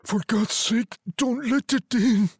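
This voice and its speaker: A man's voice: very high voice, takes it slowly, breathy edge, dry recording, clean studio sound, voice pushed up, exaggerated voice. A man doing a shaky, frightened old man. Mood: scared. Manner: shaky, scared.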